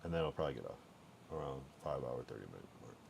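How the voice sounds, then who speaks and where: A man's voice: very deep voice, expressive, racing, creaky, a little mellow, slight background noise. A man streaming live, chatting casually and rambling through his thoughts with many restarts.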